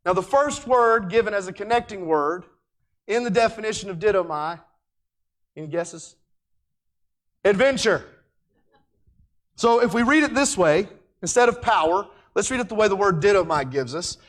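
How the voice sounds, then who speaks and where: A male Bible teacher with a notably high-pitched voice speaks emphatically, rising to ringing declarations and then dropping to near-murmured asides. He stretches out key words, slowing right down to press a point home. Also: expressive. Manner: emphatic, swinging between loud declarations and quiet asides; slows down to stress key words.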